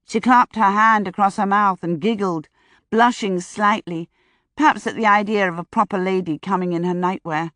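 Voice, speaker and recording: A woman narrating a first-person audiobook in a measured, dryly wry manner, close to the mic. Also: mid-range voice, fairly even intonation, fairly bright tone, no room sound.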